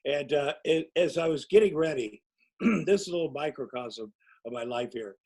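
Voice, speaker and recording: A man's voice: medium pitch, moderate pace, darkish tone, poor audio. A man in his sixties telling long, rambling, self-mocking anecdotes as a guest in a casual interview. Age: 60s. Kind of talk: casual storytelling.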